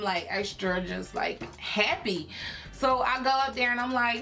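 A young woman from Philadelphia with a slightly high voice tells a story to her viewers in a loose, chatty vlog. She is animated, packs her talk with fillers and acts out what others said. Soft music plays underneath. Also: normal speed. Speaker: YouTube creator.

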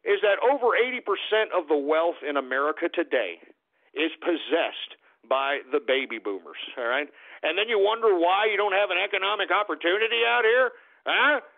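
A man hosting a talk radio show with a brash, profane, swaggering rant, a bit tipsy from beer, heard over a tinny phone-like line. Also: high voice.

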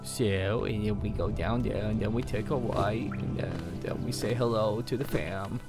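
A man giving casual gameplay commentary as a let's play host, giggly, gushing and excitable. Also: lowish voice, normal speed, loud music behind the voice.

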